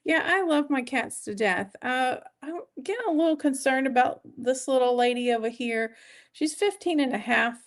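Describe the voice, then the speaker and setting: A woman hosts a casual weight-loss live stream from her home, with a voice pitched a little above the usual. She rambles in a chatty way, greeting viewers by name and thanking them as she goes. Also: animated, moderate pace.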